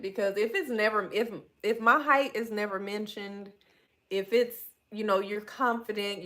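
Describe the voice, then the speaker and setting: A woman's voice: mid-range voice, fairly bright tone. A woman, talking candidly and with animation, calling her listeners y'all. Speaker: podcast host. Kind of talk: solo podcast talk reading live chat.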